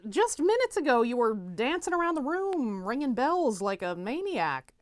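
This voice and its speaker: Woman as a flustered, bookish young gent; animated, dry comedy read. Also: high voice, normal speed, dry recording. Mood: exasperated. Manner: prim, exasperated, stammering. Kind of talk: comedic audio drama.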